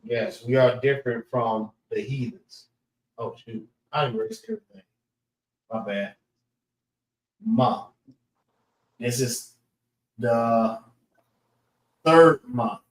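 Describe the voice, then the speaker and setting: A man teaching a class, slowly repeating words and breaking them into syllables. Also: mid-range voice. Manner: slow, repetitive, spells out syllables. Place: classroom in a library. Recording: echoey room.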